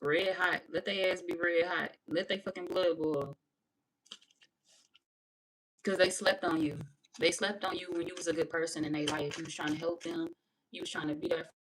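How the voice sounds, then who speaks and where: Brash woman tarot reader, lower voice, cussing and laughing through a live reading. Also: normal speed, pauses often, low-quality recording. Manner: brash, profane, animated, laughing.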